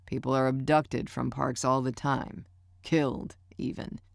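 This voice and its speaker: A man's voice: medium pitch, flat delivery, a little slow, creaky, no echo, studio quality. A woman voicing a blunt, persistent man who is a nosy family friend in an audiobook. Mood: prying. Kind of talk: audiobook character voice.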